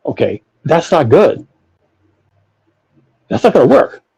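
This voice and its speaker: A man's voice: fairly high pitch, big pitch swings, slow, gravelly, warm tone, husky, rough recording. A man hosting a philosophical discussion, ranting emphatically and profanely, often repeating himself. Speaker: podcast host.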